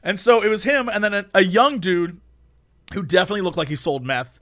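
A man co-hosting a podcast, telling a story in casual chat with animated swings between loud bursts and mumbled asides. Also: high voice, brisk, dry recording, clean studio sound. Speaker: podcast co-host.

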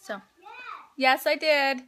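A woman in her thirties hosting a casual live stream from home on a handheld phone, chatty and quick to laugh, with lots of fillers. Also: sits high, fairly bright tone. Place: at home indoors.

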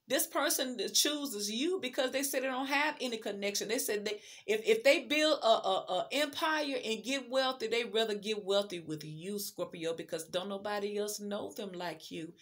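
Woman tarot reader; chatty, emphatic, addresses the viewer, voice sits a bit high. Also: moderate pace, few pauses, fairly bright tone. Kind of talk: casual tarot reading.

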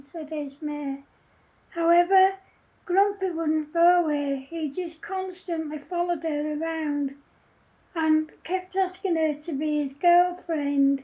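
Very high-voiced woman reading a story. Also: steady tone, slow, dark tone, low-quality recording. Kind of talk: reading her own children's story.

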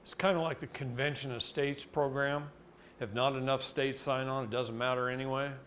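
A middle-aged man from Oregon speaks at a live seminar, mixing plain explanation with lively anecdotes. His voice sits in an ordinary middle pitch, and there is a faint hum of room noise behind him. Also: normal speed. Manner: folksy, animated, mocking voices in anecdotes. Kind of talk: live seminar talk with storytelling.

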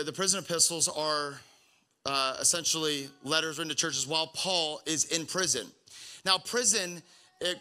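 Young male pastor, slightly high, very bright tone, loose conversational sermon delivery with lots of ums. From Pacific Northwest US. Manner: casual, rambling with many fillers and restarts.

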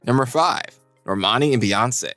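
A man reading a scripted countdown narration in an even, steady delivery. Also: medium pitch, moderate pace, music in the background, a crowd in the background.

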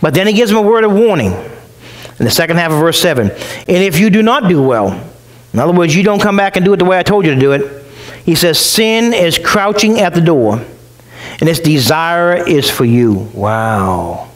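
A man's voice: a little high, lively intonation, moderate pace, low-quality recording. A male pastor preaching a sermon in a conversational way, acting out the voices of the people he quotes. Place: church.

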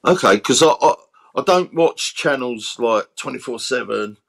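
A man hosting a casual live stream, speaking in a halting way and thanking subscribers. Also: medium pitch, expressive, creaky. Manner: hesitant, halting, fond of fillers. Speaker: livestream host.

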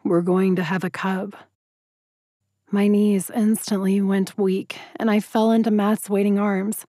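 Mellow-voiced woman reading a romance audiobook. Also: mid-range voice, dry recording, clean studio sound. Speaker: audiobook narrator. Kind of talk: first-person romance audiobook narration.

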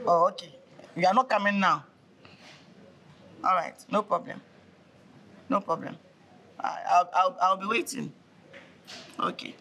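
A man playing a high, stammering broke man pleading on the phone. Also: unhurried, vocal fry, pauses often, sharp tone, slight background noise, exaggerated voice. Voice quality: stammering, repeats words. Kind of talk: comedy skit acting.

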